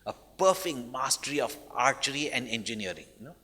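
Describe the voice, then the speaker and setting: With animated energy and a fairly quick pace, a male spiritual teacher relates stories in a discourse, his mid-range voice pushed and bright. He checks in with listeners through constant questioning "hmm?" and "no?" tags, and long hall reverb colors the sound.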